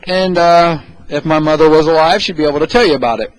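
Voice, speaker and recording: A man with a slightly higher voice co-hosts a casual podcast, introducing his segment. He rambles and pokes fun at himself in a dry, wry manner. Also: quick pace, rough recording. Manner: wry, self-deprecating, rambling. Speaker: podcast co-host presenting a segment.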